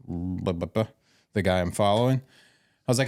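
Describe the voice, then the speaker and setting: A man's voice: lowish voice, a little fast, a little mellow, clear, resonant tone, dry recording, studio quality. A man hosting a casual podcast, telling paramedic stories and acting out the dialogue with swearing. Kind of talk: casual storytelling chat.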